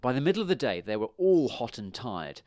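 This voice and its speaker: Expressive male storyteller for a kids' tale, animated, dry booth sound. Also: mid-range voice, a little fast, no room sound. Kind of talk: storybook read-aloud.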